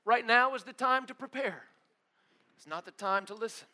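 High, bright-voiced animated preacher. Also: male voice, normal speed. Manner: animated storytelling, acts out voices, casual slang. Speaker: pastor. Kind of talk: sermon.

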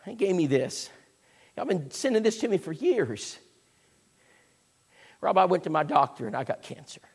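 A man voicing a tearful older man who speaks in a quiet, halting way. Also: sits high, very animated, creaky, husky, long reverb tail, exaggerated voice. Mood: pleading.

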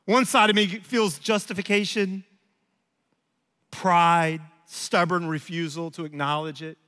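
A man in his forties preaches with a high, bright, forceful voice. He talks in a relaxed, conversational way and makes fun of his own failings. A long reverb from the church hall hangs on every phrase. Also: unhurried. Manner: conversational, self-deprecating storytelling. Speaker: pastor. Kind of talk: sermon.

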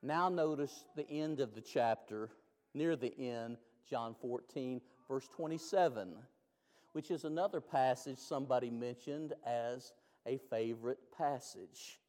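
A man preaching a sermon, moving between loud, rising climaxes and hushed, slow lines. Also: mid-range voice. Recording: long reverb of a large hall.

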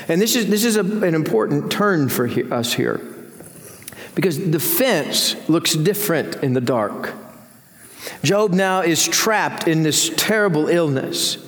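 A man's voice: animated, normal speed. A man preaching a sermon as senior pastor, earnest, his voice climbing when he voices lament. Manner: earnest, rising in pitch when voicing Job's laments. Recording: long reverb of a church hall.

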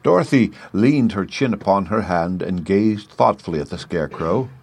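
A man narrating a classic children's book in an expressive storytelling manner. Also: deep voice, moderate pace, gravelly, breathy edge.

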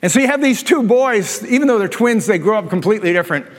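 An older man preaching a conversational sermon as a pastor, animated and telling stories with self-deprecating asides. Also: sits high, fast talker. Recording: long reverb of a large hall.

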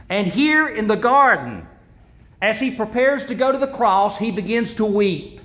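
A man's voice: high-pitched, fairly bright tone. A man preaching a sermon as pastor, earnest, repeating himself and restarting phrases.

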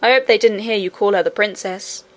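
A woman's voice: medium pitch, brisk, lightly acted. A woman voicing a brave, cheerful twelve-year-old miner boy who speaks confidently and matter-of-factly in an audiobook. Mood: firm. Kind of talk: audiobook character reading.

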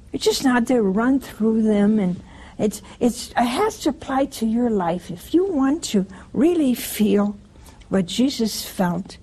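A woman's voice: fairly high pitch, mellow, slightly rough, low-quality recording. A woman giving a conversational sermon in a homely way, often asking her listeners rhetorical questions. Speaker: preacher.

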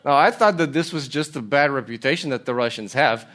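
A man's voice: medium pitch, brisk, a bit bright. A man preaching a sermon, earnest, telling stories and asking rhetorical questions. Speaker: pastor.

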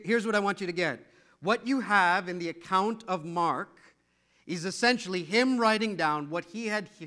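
Middle-aged male pastor, sermon; high, bright, animated storyteller. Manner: animated, repetitive storytelling, emphatic.

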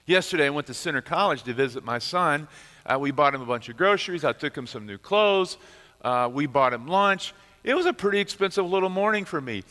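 A middle-aged pastor preaches with a bright, forceful, slightly high voice, telling the story dramatically and dropping from loud to hushed. The sound rings with a long reverb from the church hall. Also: male voice. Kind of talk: sermon. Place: church sanctuary.

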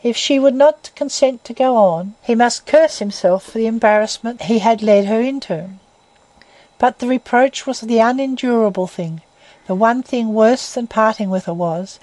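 A woman reading a classic novel aloud as narrator in a measured, even way. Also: fairly high pitch, no echo, low-quality recording.

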